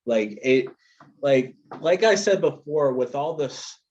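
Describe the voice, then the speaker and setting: Male podcast co-host; slow, halting casual delivery, dull recording. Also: mid-range voice, expressive, a little mellow. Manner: hesitant, halting with "um" and "like". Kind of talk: casual movie review chat. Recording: dull lo-fi sound.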